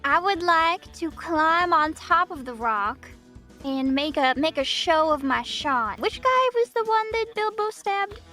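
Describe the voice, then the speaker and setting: A woman speaks softly and a bit hesitantly as a player in a tabletop game. Her voice is high and bright, and she takes her time. Soft music plays behind her. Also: expressive, unhurried. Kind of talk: tabletop role-play.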